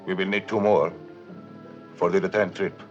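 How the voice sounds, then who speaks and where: A man's voice: deep voice, level tone, normal speed, lo-fi sound, soft background music, lightly acted. An actor playing a secretive foreign male traveler who gives short, guarded answers, on a 1950s film soundtrack.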